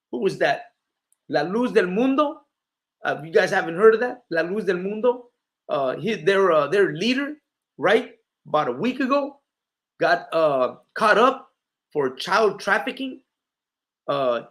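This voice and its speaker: A man with a high-pitched voice preaches with fervor. He fires rhetorical questions at his audience and stumbles through fillers and restarts as he builds his point. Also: fairly bright tone. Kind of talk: street-style sermon.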